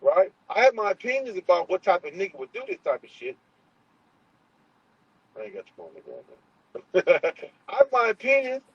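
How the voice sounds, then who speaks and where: A man vents on a livestream, profane and confrontational, full of fillers and restarts. His voice sits a little high and sounds husky. The stream audio is muffled and lo-fi. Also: big pitch swings, a little fast, long pauses. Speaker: livestream host. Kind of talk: heated livestream monologue.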